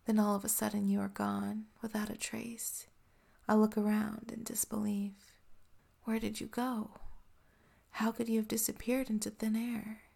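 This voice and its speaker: A woman narrating a whispered role-play in a soft, slow, intimate whisper, close to the mic. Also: medium pitch, little pitch movement, creaky, husky.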